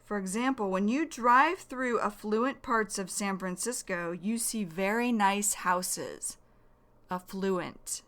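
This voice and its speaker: A woman teaching English vocabulary slowly and clearly, repeating each new word. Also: mid-range voice, a bit bright. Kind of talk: slow vocabulary lesson.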